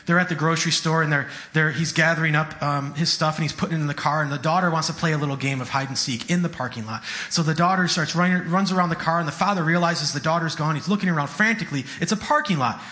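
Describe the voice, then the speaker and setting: A man's voice: on the high side, fast talker, sharp tone. A man preaching a sermon in an earnest, conversational way, often repeating his words.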